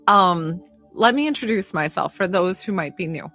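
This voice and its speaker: A woman's voice: on the low side, lively intonation, normal speed, few pauses, pushed and bright, no echo, faint music behind. Woman chatting on a live stream, rambling and heartfelt, plenty of fillers, dry close sound. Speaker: psychic medium and healer. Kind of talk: casual live-stream chat.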